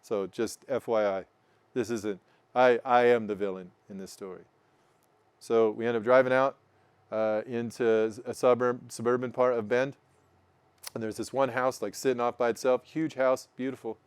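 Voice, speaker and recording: A man's voice: medium pitch, normal speed, clear, resonant tone, no echo. A man in his forties from Oregon, telling a profane, self-mocking story in casual chat and acting out what people said. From Oregon, United States. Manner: animated, profane, self-mocking, acts out voices. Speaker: guest storyteller.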